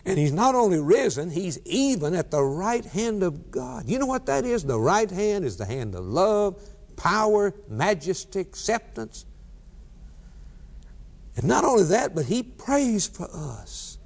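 A man's voice: sits high, sing-song, a little slow, vocal fry, darkish tone. A man preaching a sermon with emphatic, repeated refrains. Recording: long hall reverb.

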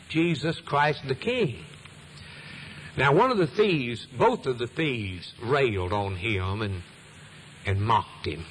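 A man's voice: medium pitch, slight background noise, rough recording. A male preacher delivering a sermon in an emphatic cadence, repeating phrases and letting his voice rise and fall for weight.

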